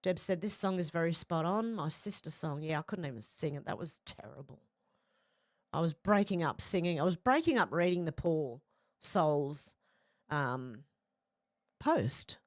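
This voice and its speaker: A woman's voice: low voice, animated, a little slow, dry recording, studio quality. An Australian woman hosting a casual live stream, reading viewer comments aloud in a chatty, slangy way.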